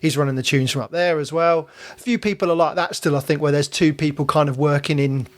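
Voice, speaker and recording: A man's voice: fairly high pitch, steady tone, fast. A man, a stadium announcer hosting a casual podcast, chatty and often restarting his words.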